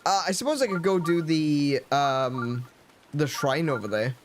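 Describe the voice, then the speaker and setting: Let's-play host, man, rambling self-correcting commentary, somewhat higher voice, soft game music behind. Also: unhurried. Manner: musing aloud, self-correcting, chuckling. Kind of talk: casual gameplay commentary.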